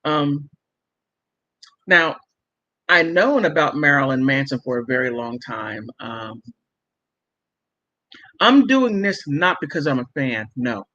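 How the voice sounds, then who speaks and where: A woman's voice: rumbling low, lively intonation, slow pace, pauses often, a bit bright. A middle-aged woman hosting a casual livestream, chatting emphatically with viewers and laughing often. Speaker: livestream host reading viewer comments. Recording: muffled lo-fi stream audio.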